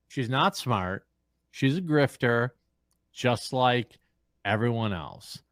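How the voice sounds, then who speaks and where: A man's voice: medium pitch, animated, a little slow, no room sound, studio quality. A drunk man ranting bluntly and crudely on a livestream. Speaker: streamer.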